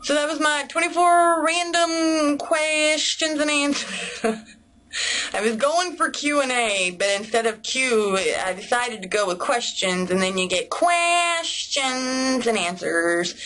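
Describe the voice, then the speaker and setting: A woman's voice: high voice, slow, a bit bright, a little hiss or hum, low-quality recording. A young woman, chatting casually to camera in a bubbly, rambling way. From United States. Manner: bubbly, rambling, heavy use of "like". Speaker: vlogger.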